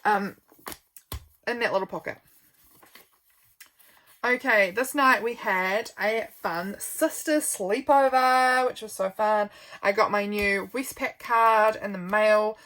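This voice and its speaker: A woman's voice: medium pitch, a bit bright. A young woman who chats casually through her journal, rambling a little and yawning often because she is tired. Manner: rambling, friendly, stops for frequent yawns. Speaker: vlogger.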